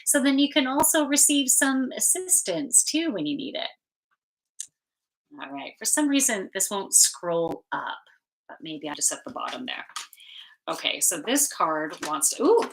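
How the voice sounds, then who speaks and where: Chatty woman doing a live card reading, bright voice, slow and easygoing, casual swearing. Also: on the low side, poor audio. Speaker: spiritual card reader and channeler.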